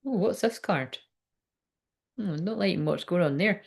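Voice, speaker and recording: Woman tarot reader, low-pitched voice, chatty, blunt, curses freely. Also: expressive, moderate pace, vocal fry. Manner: chatty, frank, swears often, laughs while talking. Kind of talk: casual tarot reading monologue.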